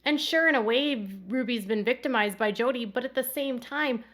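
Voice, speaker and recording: A woman's voice: a little high, normal speed, fairly bright tone. Indignant woman giving true crime commentary. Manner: indignant, emphatic. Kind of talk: critical commentary.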